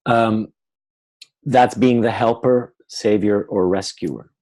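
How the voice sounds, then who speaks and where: A man's voice: lowish voice, slow, darkish tone, poor audio. A man leading a live webinar, explaining ideas and acting out what clients say in quoted voices. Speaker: webinar teacher.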